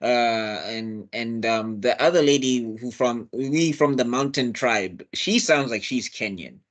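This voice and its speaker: A man's voice: medium pitch, measured pace, fairly bright tone. A man, chatting casually on a film review panel, opinionated and rambling, often restarting his sentences. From South Africa.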